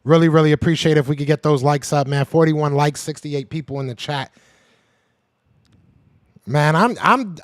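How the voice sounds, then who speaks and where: A man's voice: a little high, fairly bright tone, no room sound, clean studio sound. A man hosting a live-streamed sports podcast, ranting heatedly in slang and repeating his points for emphasis while calling out viewers in the chat. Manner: heated, trash-talking, repeats himself for emphasis. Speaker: podcast host.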